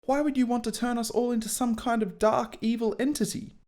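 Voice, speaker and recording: A man doing a squeaky anxious teenage boy wizard. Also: fairly even intonation, a little fast, darkish tone. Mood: aghast. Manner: strained high squeaky voice.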